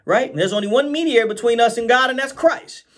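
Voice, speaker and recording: A man preaching an informal Bible study with animated delivery. He keeps repeating phrases, asks his listeners "right?" and slows down when he reads scripture. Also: very high voice.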